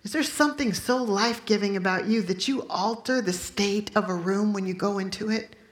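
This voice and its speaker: A woman's voice: mid-range voice, normal speed. Fervent woman preacher in an echoey room. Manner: emotional, acts out her prayers and cries loudly. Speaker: speaker at a Christian gathering. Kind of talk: sermon with personal testimony. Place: room full of listeners.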